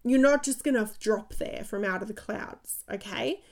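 Energetic woman with vocal fry. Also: medium pitch, moderate pace. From Australia. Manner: energetic, chatty storytelling with frequent laughs. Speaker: podcast host and coach. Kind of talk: motivational podcast monologue.

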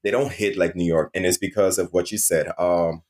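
A man's voice: sits low, fairly even intonation, fairly quick, a little mellow. A man from Saint Martin with a Caribbean accent, chatting easygoing and upbeat as an interview guest. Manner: easygoing, upbeat, chuckles while talking. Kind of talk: casual interview chat.

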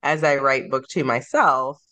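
A woman's voice: very deep voice, unhurried, a bit bright. A woman author being interviewed on a podcast, speaking in a reflective, sentimental way and laughing easily. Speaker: guest author.

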